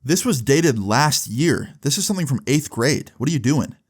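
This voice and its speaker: A man's voice: medium pitch, lively intonation, moderate pace, husky, voice pushed up. A man voicing a suspicious female teacher who questions a student pointedly. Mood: probing.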